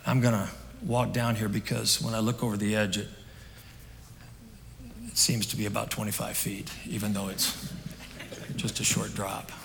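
A man's voice: lowish voice, flat delivery, moderate pace, gravelly, pauses often, background noise. Earnest male preacher in a reverberant hall. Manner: earnest, conversational storytelling, swinging between emphatic and hushed. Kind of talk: sermon. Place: stage in a large hall.

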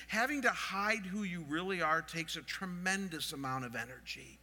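Middle-aged male pastor, high and very bright, preaching to the room in a long hall reverb. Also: moderate pace. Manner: expressive, asks the audience questions. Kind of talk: sermon.

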